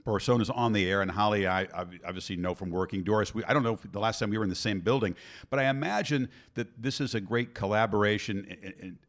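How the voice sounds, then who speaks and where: Halting man host asking questions. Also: on the low side. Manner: halting, repeats words, friendly questions. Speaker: podcast host. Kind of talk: interview.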